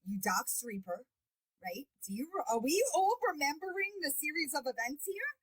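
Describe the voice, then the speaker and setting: A woman's voice: sits high, animated, moderate pace. A woman hosting a livestream, confronting someone in a heated, profane, mocking rant. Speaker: livestream host.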